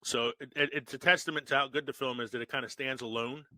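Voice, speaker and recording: A man's voice: mid-range voice, steady tone, quick pace, sharp tone, no echo. A man in his forties co-hosting a podcast, telling stories with lots of laughs and swearing. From Philadelphia, US. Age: 40s. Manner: laughs often, profane storytelling. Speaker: podcast co-host. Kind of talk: casual chat.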